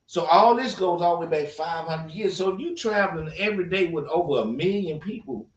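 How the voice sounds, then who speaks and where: Earnest man with a lively, preachy voice. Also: on the high side, fairly quick. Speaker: podcast co-host. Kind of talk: casual opinion talk. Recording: roomy, distant, dull sound.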